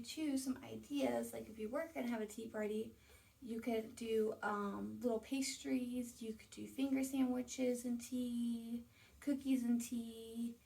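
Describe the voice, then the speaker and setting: Woman, casual home vlog host, chatty, enthusiastic, gravelly fry, distant mic. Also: on the high side, darkish tone. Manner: chatty, enthusiastic, with fillers and asides. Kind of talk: casual home vlog, showing items to camera. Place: at home, indoors.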